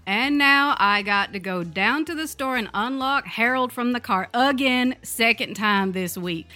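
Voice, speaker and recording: Brash old Southern trucker grandma, blunt and folksy, high and bright, a woman putting her on. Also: unhurried, faint music behind. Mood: weary. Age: older.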